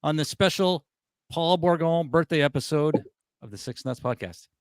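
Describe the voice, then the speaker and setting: A man's voice: a little high, normal speed. A man hosting a comedy podcast, keeping it upbeat and moving from one segment to the next. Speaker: podcast host. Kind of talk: casual chat, hosting segments.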